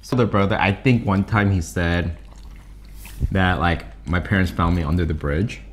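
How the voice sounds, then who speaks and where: A man's voice: sits low, moderate pace. A young man co-hosting a mukbang, chatting casually and teasing himself playfully while eating. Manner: animated, playful and self-teasing. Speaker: co-host of a mukbang channel.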